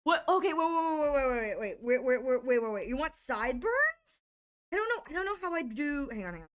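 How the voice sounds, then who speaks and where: A woman with a high voice chats casually with her viewers while she draws on a live stream. She talks to chat as she works and keeps dissolving into helpless giggles. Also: sing-song, a little fast, a bit bright.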